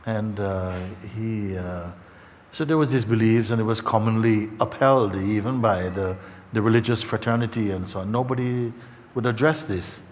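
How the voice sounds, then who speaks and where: Halting man speaking in a reverberant hall. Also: on the low side, a little hiss or hum. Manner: gentle, halting, many fillers and repeats. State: emotional. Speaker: spiritual teacher. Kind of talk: spiritual talk to an audience. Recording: hall reverb, faint ambience.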